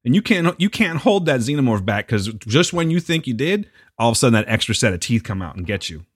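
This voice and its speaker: Animated teasing male host. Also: medium pitch, quick pace, breathy edge, no room sound, clean studio sound. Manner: teasing, argumentative, laughs often. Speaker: podcast host. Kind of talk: casual chat.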